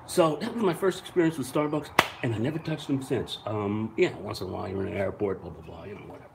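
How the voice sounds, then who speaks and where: A man's voice: lowish voice, fast, gravelly, hardly any pauses, echoey room, background noise. A man hosting a live online show, chatting casually with viewers and rambling through stories with swearing and laughs. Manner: rambling, animated storyteller who swears and laughs. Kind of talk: casual live-stream chat, reacting to viewer comments.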